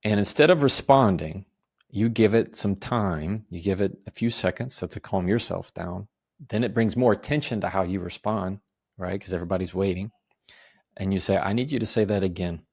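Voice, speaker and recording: A man, an attorney and author, calmly explaining communication advice on a podcast in a measured, step-by-step way. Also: deep voice, gravelly, slightly rough. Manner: calm, measured, lists steps and gives example phrases.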